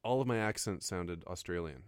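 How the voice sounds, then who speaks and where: A man's voice: low-pitched, expressive, clean tone, no room sound, studio quality. A young man co-hosting a comedy podcast, teasing and joking in casual banter. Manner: playful, teasing, quick jokes.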